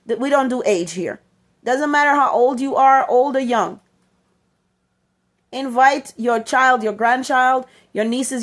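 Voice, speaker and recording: A mother hosting her own channel, giving an emphatic inspirational talk to parents, repeating her key points and acting out the voices she quotes. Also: medium pitch. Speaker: motivational channel host and mother.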